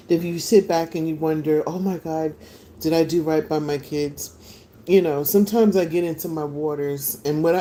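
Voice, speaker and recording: A middle-aged woman talks to her live viewers in a relaxed, chatty way, laughing often and eating as she goes. Her voice is low and warm. She is outdoors on a porch, and faint outdoor noise sits behind her on the phone recording. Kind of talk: casual live chat.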